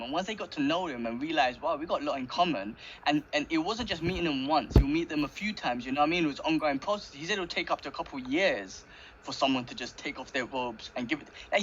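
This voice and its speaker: An excitable man with a slightly high voice, rambling through a casual podcast chat and peppering his talk with "bro" and "man". The recording sounds a little dull, with a faint hiss underneath. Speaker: podcast co-host.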